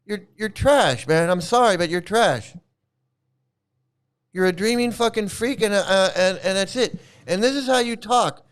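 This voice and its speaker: A man's voice: sits high, unhurried, clear, resonant tone. A man hosting his own channel, ranting angrily in a heated, profane, repetitive way. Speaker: channel host. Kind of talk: angry ranting vlog commentary.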